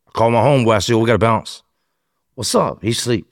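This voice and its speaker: A man telling a first-person story as a podcast guest, animated and slangy, acting out other people's lines as he goes. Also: medium pitch, fairly quick, dry recording, clean studio sound. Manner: animated storyteller, slangy, acts out quoted voices.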